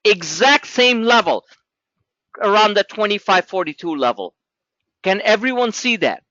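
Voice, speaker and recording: Emphatic high-voiced man hosting a trading webinar. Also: big pitch swings, a little slow, pushed and bright, muffled recording. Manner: emphatic, repetitive, talks straight to viewers. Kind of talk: live webinar chart walkthrough.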